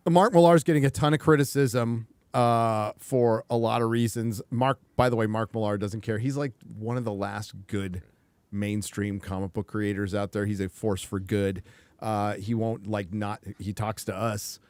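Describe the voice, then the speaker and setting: A man's voice: lowish voice, steady tone, normal speed, a little mellow, dry recording. A man hosting a casual livestream talk show, emphatic and profane, with rambling asides. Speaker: show host.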